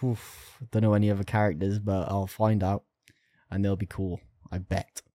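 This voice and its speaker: A man co-hosting a gaming podcast in casual chat, excited and casually swearing. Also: on the low side, normal speed, dry recording, studio quality. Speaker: podcast co-host.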